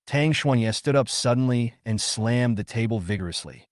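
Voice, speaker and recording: A man's voice: mid-range voice, lively intonation, normal speed, few pauses, no room sound, clean studio sound. A man narrating a comic story in a scripted storytelling style.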